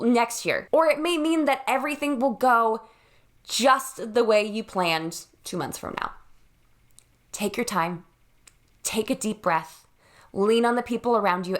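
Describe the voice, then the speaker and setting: A woman's voice: on the high side, a bit bright. Earnest, reassuring woman wedding planner. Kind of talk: direct-to-camera vlog. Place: her home.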